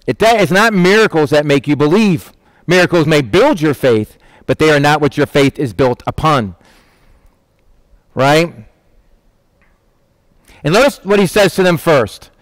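A man preaches in a fairly high, animated voice, recorded close and dry with no room sound, at a measured pace with long pauses. His lively, conversational sermon checks in with listeners, asks "right?", and acts out the people he quotes in little voices.

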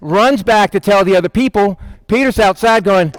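High-voiced man teaching scripture. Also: no echo. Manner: acts out quotes of the figures in quick voices; asks the listeners questions and answers them. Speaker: preacher. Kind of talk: conversational Bible teaching.

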